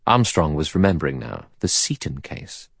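A man narrating a novel as an audiobook in a steady, composed manner. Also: extremely low pitch, normal speed, vocal fry, husky, dry recording, clean studio sound.

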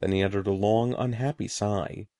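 A man reading a children's adventure story aloud in a measured storybook way, voicing the dialogue. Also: lowish voice, fairly even intonation, warm tone, no echo, clean studio sound. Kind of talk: scripted narration.

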